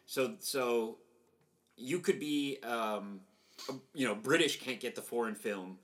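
A man talks about films in a loose, rambling way, full of fillers and restarts. His pitch sits in the middle range. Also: slow pace, fairly bright tone. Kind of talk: casual film chat.

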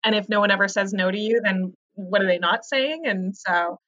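A woman's voice: medium pitch, moderate pace, fairly bright tone. An upbeat woman hosts an interview, chatting and asking questions with a mid-range voice. The sound is a little dull. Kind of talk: interview hosting.

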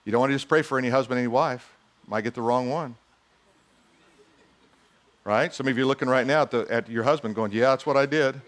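A man's voice: mid-range voice, a little fast, pauses often, a bit bright. A male pastor preaching a sermon in a conversational style, with humorous asides and acted-out quotes.

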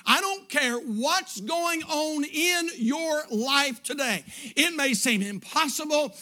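A male pastor preaching a fervent revival sermon in church, climbing to shouted bursts and then dropping low and quiet, acting out pleading prayers. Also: animated, takes it slowly. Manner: acts out prayers and quotes in a pleading voice.

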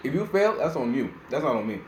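A man's voice: mid-range voice, quick pace. A young man co-hosting a podcast, a teacher telling blunt, profane stories in casual chat. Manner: blunt, profane, animated storytelling. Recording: echoey room, faint background noise.

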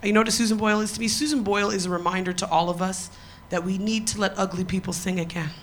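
A woman's voice: medium pitch, steady tone, quick pace, heavy background noise. A woman comedian performing a punchy, profane stand-up set on a live stage.

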